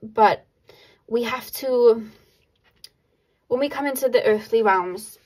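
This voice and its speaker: Excitable, higher-voiced woman tarot reader. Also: slow, low-quality recording. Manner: excitable, laughs often, many fillers. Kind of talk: casual pick-a-card tarot reading to viewers.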